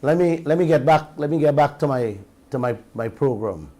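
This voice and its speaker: A man's voice: on the high side, animated, moderate pace, dark tone. A Guyanese man hosting a radio talk show, giving an impassioned commentary full of rhetorical questions to his listeners and slipping between standard English and creole.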